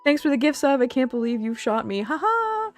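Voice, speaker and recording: Woman streamer, excitable and giggly, brightish voice, dry close mic, soft music underneath. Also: high voice, fairly quick. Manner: giggly and excitable, laughs often. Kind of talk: casual live-stream chat.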